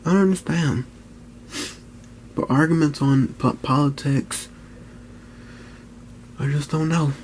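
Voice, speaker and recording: A man's voice: on the high side, fairly even intonation, slow pace, pauses often, darkish tone, a little hiss or hum, rough recording. A man giving a candid personal account in an earnest, conversational way, often repeating himself and saying "you know".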